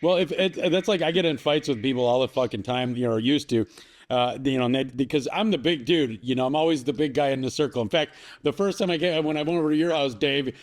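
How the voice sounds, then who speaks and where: A man's voice: mid-range voice, fast. A man guesting on a podcast, telling long rambling stories full of swearing and laughter. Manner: rambling, profane storyteller who laughs often. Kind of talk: casual podcast chat.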